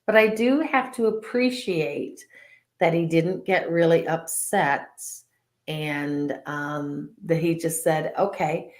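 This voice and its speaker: A woman's voice: deep voice, slow, echoey room. A woman co-hosting a casual spiritual chat, talking loosely with many fillers and easy laughs. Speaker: co-host.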